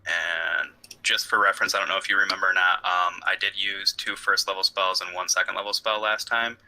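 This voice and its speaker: A man's voice: low voice, level tone, brisk, pushed and bright, rough recording. A young man playing a tabletop game, talking casually and hesitantly as he adds up his rolls. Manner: hesitant, full of ums while adding up rolls. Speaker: player.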